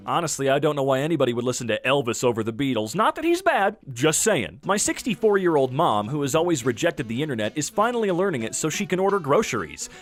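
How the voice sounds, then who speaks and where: A young man reads posts aloud and reacts with playful, wisecracking asides. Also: a little high. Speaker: YouTuber reading Reddit posts.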